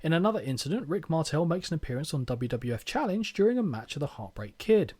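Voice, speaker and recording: A man's voice: a little high, very animated, fast talker, a little mellow. A man co-hosting a podcast, joking and bantering while he reads from his notes. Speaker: podcast co-host. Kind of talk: casual chat reviewing a wrestling event.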